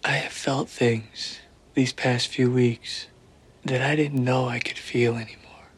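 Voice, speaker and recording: A podcaster doing a hushed, earnest grown man. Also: steady tone, slightly rough. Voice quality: low, hushed and half-whispered. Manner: slow and earnest. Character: tender grown man gently turning down an old friend.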